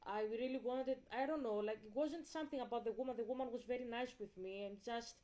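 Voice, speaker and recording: A woman's voice: fairly high pitch, quick pace, dark tone, lo-fi sound. A woman from Greece, telling a story in a candid, rambling vlog and swearing casually. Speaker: vlogger.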